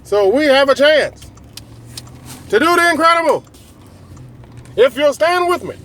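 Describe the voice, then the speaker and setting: A man doing an impression of a grandiose president giving a slow, rousing rally speech. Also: very high voice, animated, a bit bright, voice pushed up, exaggerated voice. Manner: slow, measured, rousing oratory.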